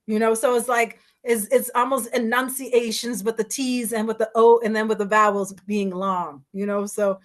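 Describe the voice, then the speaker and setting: A woman's voice: fairly high pitch, flat delivery, normal speed, few pauses. A woman from the Bahamas in casual conversation, her Bahamian accent faint and mostly American-sounding, talking at length with frequent restarts. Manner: talkative, many restarts, breaks into bits of song and accents. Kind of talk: casual chat.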